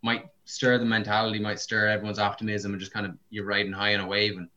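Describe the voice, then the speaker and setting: Man, low voice, bright tone, muffled lo-fi recording, casual chat. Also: monotone, fast. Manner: chatty, lots of fillers. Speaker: podcast co-host. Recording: dull lo-fi sound.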